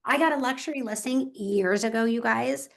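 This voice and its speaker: Animated woman real estate agent. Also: on the high side, normal speed, vocal fry. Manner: animated, emphatic, talks straight to listeners. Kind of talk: interview, energetic storytelling.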